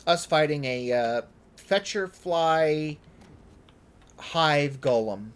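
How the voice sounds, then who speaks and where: A man's voice: on the high side, extremely slow, clear, resonant tone. A man casually commenting as he plays a game on stream, thinking aloud about his setup. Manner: relaxed, chatty, thinking aloud while playing. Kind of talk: casual let's-play commentary.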